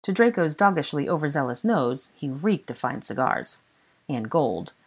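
A woman reading a fan-written novel aloud as narrator, expressive and unhurried. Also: low voice, slightly rough. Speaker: fan audiobook reader. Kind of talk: storybook narration.

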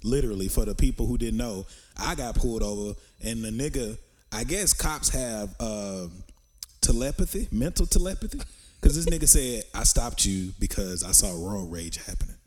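A young man, co-hosting a podcast and telling a story in a casual, profane, laughing way, high from smoking. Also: animated, normal speed, darkish tone. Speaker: podcast co-host. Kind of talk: casual chat.

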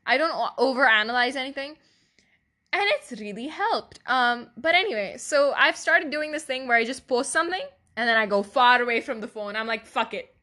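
Bright-voiced, teary young woman podcaster. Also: fairly high pitch, lively intonation, brisk. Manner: candid, emotional, laughs often, swears casually. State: teary, voice breaking at times. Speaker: podcast host. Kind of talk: confessional solo podcast monologue.

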